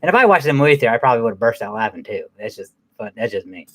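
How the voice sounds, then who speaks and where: A man's voice: mid-range voice, sing-song, rapid-fire. A man giving a casual, profanity-heavy movie recap in a rambling way, with many fillers and restarts. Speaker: movie reviewer.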